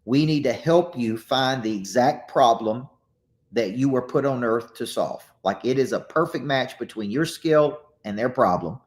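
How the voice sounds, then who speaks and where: A man's voice: medium pitch, moderate pace. A middle-aged man with a Southern US accent, a business coach and author giving a motivational talk, telling stories with energy and frequent restarts. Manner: energetic storytelling with repeated restarts.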